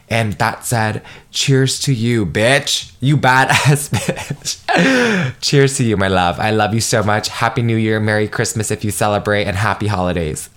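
A man in his twenties hosting a solo podcast, talking in an emotional, effusive way, swearing freely and jumping up in pitch when excited. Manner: animated, jumps higher when excited. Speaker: podcast host. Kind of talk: solo motivational podcast monologue.

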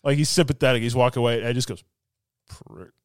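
A man on a podcast excitedly retelling scenes from a film, laughing often as he talks. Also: mid-range voice, rapid-fire, smooth, no room sound, studio quality. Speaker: podcast co-host. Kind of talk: casual film review chat.

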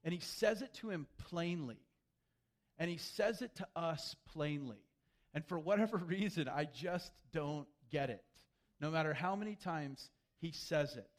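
High-voiced male pastor preaching animatedly. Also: unhurried. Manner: animated, acts out quoted voices. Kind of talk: sermon.

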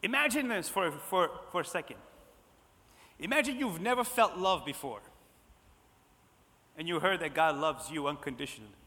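Male preacher, bright and high-pitched, emphatic and then hushed in turns, sermon recorded in a reverberant sanctuary. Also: lively intonation, normal speed, pauses often. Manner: repetitive, swings between loud emphasis and soft hushed lines. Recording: long hall reverb.

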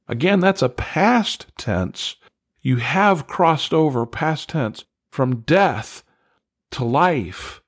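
A man's voice: a little high, expressive, takes it slowly, dry recording, clean studio sound. A man teaching a devotional Bible study, earnest and emphatic, leaning on key words and putting questions straight to the listener.

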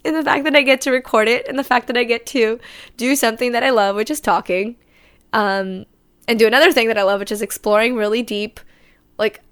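A woman's voice: on the high side, brisk, a bit bright, clear, resonant tone. A woman hosting her own unscripted solo podcast, talking candidly and rambling, correcting herself as she goes and swearing casually. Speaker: podcast host.

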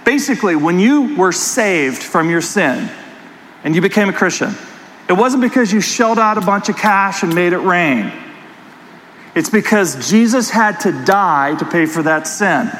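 High-voiced man preaching in a hall. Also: normal speed, a little hiss or hum. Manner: animated storytelling, addresses the congregation directly. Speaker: pastor. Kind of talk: sermon with personal story.

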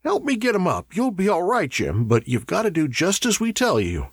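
Man reading as a bossy older medic, raised husky pitch, urgent, dry sound. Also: huge pitch swings, normal speed, dry recording, full character voice. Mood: alarmed. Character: gruff older male medic, anxious and bossy.

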